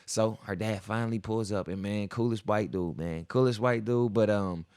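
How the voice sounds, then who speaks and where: Gravelly man telling a story in slang. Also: fairly low pitch, normal speed, dry recording, studio quality. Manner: slangy, animated, acts out quoted voices. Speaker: podcast host. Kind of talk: casual storytelling.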